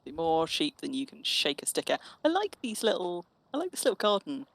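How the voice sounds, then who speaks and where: A woman's voice: low voice, big pitch swings, brisk, vocal fry, no room sound. A woman chatting casually and teasingly while streaming an online game. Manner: chatty, teasing, restarts phrases. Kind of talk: casual gaming chat.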